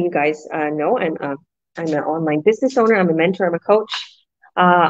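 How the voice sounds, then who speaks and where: A woman's voice: lowish voice, no echo, highs cut off. A woman business coach talking energetically in a casual group chat, rambling with fillers and restarts. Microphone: video call.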